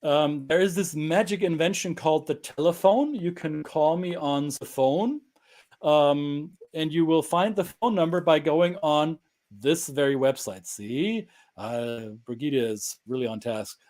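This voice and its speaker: A German man whose accent is blended with American Midwest and Southeast touches, chatting as a guest. He talks in a playful, joking way, with dry quips. His voice sits slightly high for a man. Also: measured pace, darkish tone. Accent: German with American Midwest and Southeast traces. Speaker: guest cultural coach. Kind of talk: casual interview chat.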